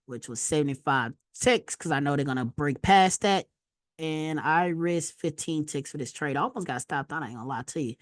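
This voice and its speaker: A woman teaching a casual trading lesson over a screen share, slangy and animated, telling stories with loud exclamations. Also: low voice, a little fast, no echo, clean studio sound. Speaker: trading instructor.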